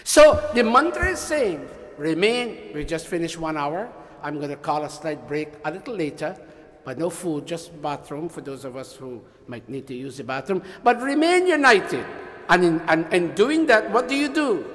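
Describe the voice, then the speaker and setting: A man leading a temple workshop, lecturing in an animated, teasing way and having the audience repeat lines after him. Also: a little high, moderate pace, big-room sound. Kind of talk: interactive sermon-style lecture. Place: temple hall.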